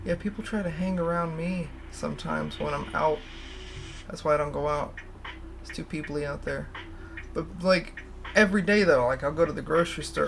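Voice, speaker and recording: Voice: mid-range voice, vocal fry, slight background noise. A livestream host chatting casually, rambling and candid, laughing often and swearing freely. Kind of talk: casual stream chat.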